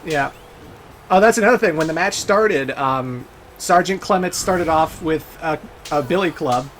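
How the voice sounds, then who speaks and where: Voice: mid-range voice, moderate pace, fairly bright tone, slight background noise. A let's play host giving casual, chatty gameplay commentary, laughing often and swearing now and then.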